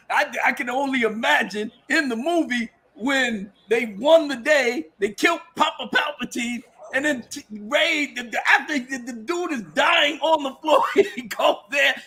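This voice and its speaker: Excitable laughing male host. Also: extremely high pitch, a little slow, few pauses. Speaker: livestream host. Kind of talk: casual livestream chat.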